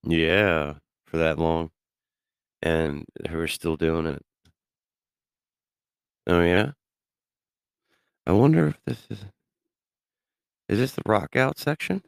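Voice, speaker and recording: A man's voice: deep voice, slow pace, gravelly, long pauses, clean tone, no room sound, studio quality. A man hosting a radio show, rambling casually in a profane, loose way and laughing often. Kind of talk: casual solo talk.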